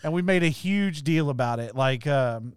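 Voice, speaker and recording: A man's voice: on the high side, animated, normal speed. Chatty man full of "like". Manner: filler-heavy, uses "like" constantly, playful boasting. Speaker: comedian co-host. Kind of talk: casual chat.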